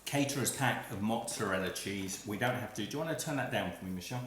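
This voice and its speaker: A man's voice: fairly low pitch, fast talker, fairly bright tone, echoey room, slight background noise. A man hosting a live cooking stream, chatting as he works and laughing at his own slip-ups, filmed on a phone on a small tripod. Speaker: cooking livestream host.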